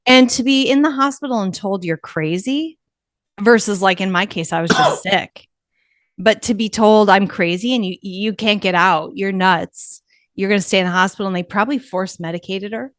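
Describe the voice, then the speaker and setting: A woman hosting a podcast in casual chat, animated and chatty, laughing as she tells stories. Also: medium pitch, normal speed, no echo, clean studio sound. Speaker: podcast host.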